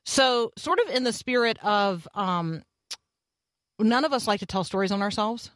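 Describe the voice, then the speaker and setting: A woman's voice: medium pitch, animated, moderate pace, fairly bright tone, no room sound. A woman radio host telling a story in casual talk, acting out the voices of the people she quotes.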